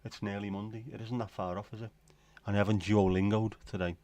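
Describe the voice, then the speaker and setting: A middle-aged British livestream host rambles wryly through a late-night stream, talking to himself and his viewers in an offhand way. His low voice holds a level tone, a little mellow, and he talks fast. The sound is dry and close, with little room around it and no echo.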